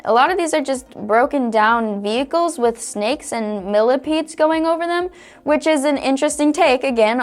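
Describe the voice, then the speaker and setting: A young woman hosting a casual screen-recorded tutorial, upbeat and chatty, laughing often. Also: high-pitched. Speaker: online tutorial host.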